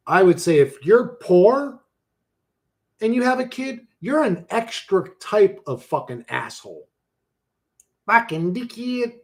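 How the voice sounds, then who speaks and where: A very animated yet unhurried man in his forties, his voice sitting high, chats casually on a livestream. He's slangy and profane, laughing often and swinging from mumbles to loud bursts.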